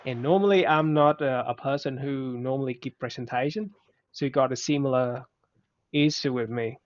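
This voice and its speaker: A man whose first language is Vietnamese, giving casual, halting advice in English with many restarts. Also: mid-range voice. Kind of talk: casual conversation. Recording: muffled lo-fi recording.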